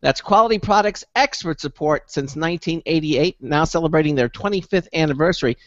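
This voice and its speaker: A man's voice: on the high side, brisk, no room sound. A man hosting a talk radio show, chatting loosely and restarting his sentences. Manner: rambling, with repeated restarts. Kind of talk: casual radio chat. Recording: muffled radio broadcast audio.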